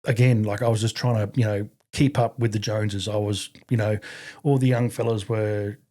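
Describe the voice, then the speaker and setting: A middle-aged Australian man telling his story as a podcast guest in a halting way, with many restarts and fillers and blunt swearing. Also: fairly low pitch, fairly even intonation, dark tone. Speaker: podcast guest, army veteran. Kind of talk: casual conversational storytelling.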